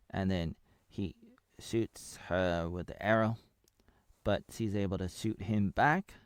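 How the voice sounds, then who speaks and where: A man's voice: lowish voice, darkish tone, smooth, no room sound, studio quality. A man in his thirties from Oregon in the USA, giving a rambling spoiler review of a TV series and drifting between retelling scenes, jokes and murmured asides. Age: 30s. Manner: breaks into half-sung snippets and murmured asides.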